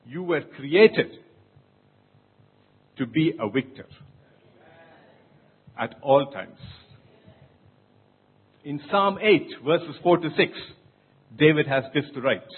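A male pastor delivering a sermon, slowing down and rising in volume on key lines. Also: a little high, husky. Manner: deliberate preaching, slows and lifts for emphasis. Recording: tinny phone-like sound.

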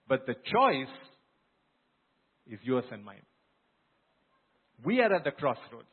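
A man's voice: medium pitch, big pitch swings, slow, pauses often, slightly rough, phone-quality sound. A man preaching a sermon as pastor, retelling scripture in an earnest, emphatic storytelling way.

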